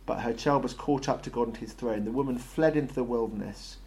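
A man preaches in a loose, conversational way. He hesitates often with ums and uhs. His voice sits at an ordinary middle pitch. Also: a little fast, a little mellow. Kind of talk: sermon.

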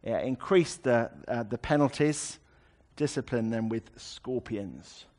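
A man's voice: mid-range voice, takes it slowly, a little mellow. A man preaching a sermon, explaining a scripture passage in a conversational way with wry asides.

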